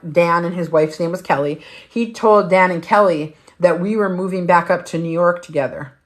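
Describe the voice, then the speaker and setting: A woman hosting a weight-loss livestream, telling a personal story in a blunt, emphatic way with plenty of swearing. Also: lowish voice. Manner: blunt, heavily profane, emphatic. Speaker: weight-loss challenge host.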